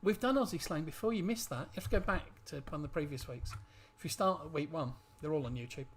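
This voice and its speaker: A man's voice: on the high side, quick pace, crowd noise. A man co-hosting a casual family quiz video, reading out the answers with dry, joking asides.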